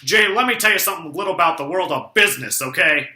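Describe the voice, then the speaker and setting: A man's voice: fairly high pitch, lively intonation, fast talker, reverberant. A young man playing a pompous, bossy businessman father who dismisses his son and blusters. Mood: lecturing. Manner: blustering, shouts in outrage.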